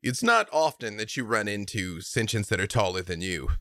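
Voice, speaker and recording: A man narrating a tabletop role-playing game as game master, in an unhurried and expressive way. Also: lowish voice, no echo, studio quality.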